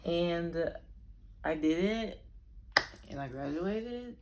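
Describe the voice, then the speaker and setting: A woman's voice: lowish voice, lively intonation, extremely slow, background noise. A young woman from Arizona telling a story to camera in a rambling, chatty way that keeps correcting itself. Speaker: vlogger.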